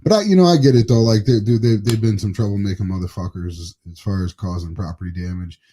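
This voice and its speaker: A man co-hosting a casual political podcast, his voice sitting low with a dark, mellow tone. He talks loosely and swears a lot. He laughs often and lets his sentences trail off into mumbles. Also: quick pace, a little hiss or hum. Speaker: podcast co-host.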